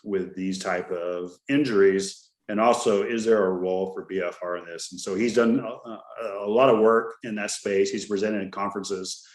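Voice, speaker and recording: A man's voice: on the low side, fairly even intonation, moderate pace, hardly any pauses. A middle-aged man hosting a podcast, talking in a loose, jokey way and spinning stories as he goes. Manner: chatty storyteller, jokey and loose. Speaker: podcast host. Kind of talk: casual chat. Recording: roomy echo.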